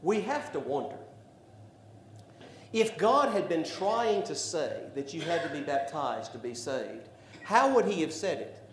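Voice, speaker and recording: A man preaching a sermon, building to loud emphatic declarations. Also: fairly high pitch, sing-song, unhurried. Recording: echoey room with faint background noise.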